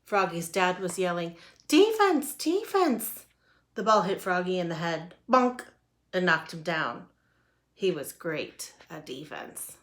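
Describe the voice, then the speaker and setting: A woman reading a children's picture book aloud in a lively, expressive way. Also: on the low side, a little slow. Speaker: storyteller. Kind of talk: children's storybook read-aloud.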